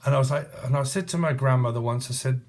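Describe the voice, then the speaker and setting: A man's voice: mid-range voice, quick pace, a little mellow. Rambling, punning man. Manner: free-associating, punning, swearing often. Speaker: tarot reader. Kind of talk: casual rambling tarot reading.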